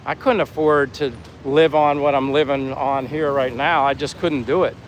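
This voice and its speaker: A man's voice: mid-range voice, steady tone, moderate pace, low-quality recording. Chatty American man on an outdoor walk. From Pennsylvania, USA. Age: 50s. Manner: rambling and friendly, reads chat comments aloud. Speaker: vlogger, live-stream host. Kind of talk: casual live-stream chat while walking. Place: outdoors by the sea in a town. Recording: faint outdoor noise, wind on mic. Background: breeze and faint street and boat sounds.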